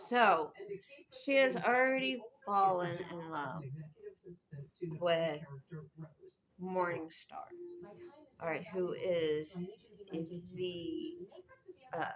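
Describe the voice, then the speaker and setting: A woman's voice: lowish voice, rough recording. A woman telling an old legend in a casual, rambling way, drifting off on tangents. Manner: rambling, conversational, drifts off track. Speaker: storyteller. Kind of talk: casual spoken storytelling.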